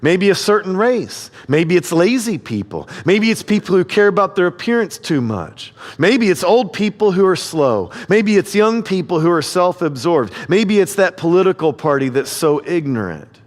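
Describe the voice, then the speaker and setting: Middle-aged guy preaching, voice a bit high, long church echo, cracks jokes and acts out quotes. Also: big pitch swings, moderate pace, hardly any pauses. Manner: storytelling with humor, acts out quotes. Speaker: guest preacher. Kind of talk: sermon.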